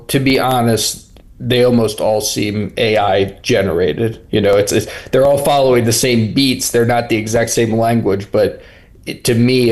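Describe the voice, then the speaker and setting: A man's voice: medium pitch, a little mellow. Man thinking aloud as an interview guest. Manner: thoughtful, with many restarts and fillers. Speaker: reporter guest. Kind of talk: interview answers.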